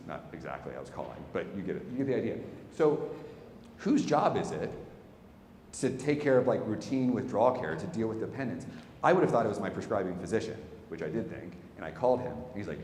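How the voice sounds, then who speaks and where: A man giving a public talk, telling a candid personal story with wry asides and animated bursts. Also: lowish voice, a little fast, slight background noise. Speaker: speaker. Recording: echoey hall, faint ambience.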